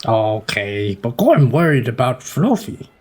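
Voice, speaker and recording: A man's voice: medium pitch, big pitch swings, a little slow, a little mellow. A man voicing a small, childlike, friendly creature who talks about himself in the third person with broken grammar. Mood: fretful.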